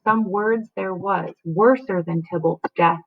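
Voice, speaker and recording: A woman reading aloud as an anguished teenage girl torn between love and grief, delivering verse dramatically and slowing on key words. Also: lowish voice. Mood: grieving. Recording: tinny phone-like sound.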